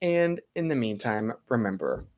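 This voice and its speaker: A man's voice: medium pitch, big pitch swings, normal speed, a little mellow. A young man hosting a casual livestream, chatting to viewers in a rambling, apologetic way full of filler words. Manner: playful, reads chat names aloud. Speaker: livestream host.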